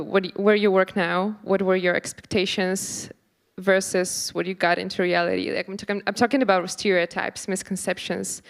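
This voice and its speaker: A woman's voice: mid-range voice, clean tone. A woman moderating a conference panel in a casual way, often saying like and laughing.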